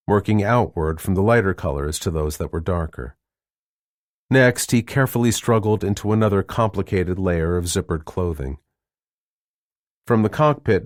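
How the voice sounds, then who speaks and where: Male audiobook narrator, very low voice, measured delivery, dry studio read. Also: dry recording. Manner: measured, even storytelling. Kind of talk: scripted narration.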